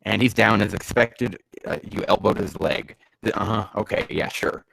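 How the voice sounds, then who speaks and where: Gravelly man ranting sarcastically. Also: fairly low pitch, normal speed, dry recording, poor audio. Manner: sarcastic, swears a lot, bursts into shouting disbelief. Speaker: host reading fanfiction. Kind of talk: comedic fanfiction reading with rants.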